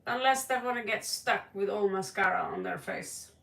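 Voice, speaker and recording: A woman with a Norwegian accent giving a tarot reading on a livestream, talking dramatically with sudden loud stresses. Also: mid-range voice, normal speed, creaky, recorded from a distance. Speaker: tarot reader. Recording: echoey room, voice a bit off-mic.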